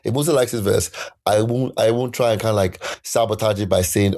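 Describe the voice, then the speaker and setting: A man, a musician and poet, telling stories in a casual interview, animated and acting out quotes in other voices. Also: on the low side, a little fast, vocal fry. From United Kingdom. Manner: animated, laughing, acts out quotes in shifting voices.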